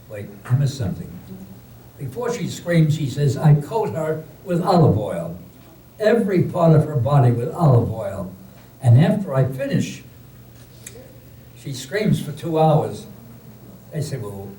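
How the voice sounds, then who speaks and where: An older man telling jokes to a live audience, slow and deliberate, raising his voice for the punchlines. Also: medium pitch, dark tone, a little hiss or hum. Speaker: joke teller. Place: community hall. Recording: roomy, distant recording with faint ambience.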